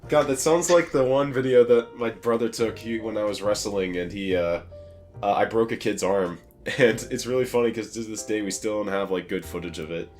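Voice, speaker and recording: A man's voice: fairly low pitch, moderate pace, a little mellow, faint music behind. A young American man co-hosting a podcast, rambling through casual stories with lots of fillers and laughter. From United States. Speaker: podcast co-host.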